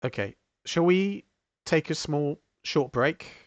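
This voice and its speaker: A man narrating a tabletop role-playing game as game master, unhurried and hesitant, with many fillers. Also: fairly high pitch, lively intonation, no echo.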